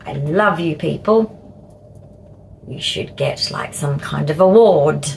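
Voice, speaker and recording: An Australian woman in her fifties vlogging in a halting, repetitive way with cheeky asides. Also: low voice, vocal fry, darkish tone, a little hiss or hum, low-quality recording. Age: 50s. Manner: slow, halting, repeats words, cheeky asides. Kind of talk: casual talk to camera.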